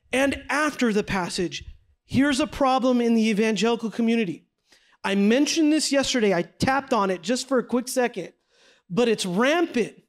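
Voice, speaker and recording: High-pitched man leading a Bible study class, energetic and chatty, quizzes his listeners as he goes. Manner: energetic, conversational, asks the group questions. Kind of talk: classroom teaching with slides. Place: classroom with a group.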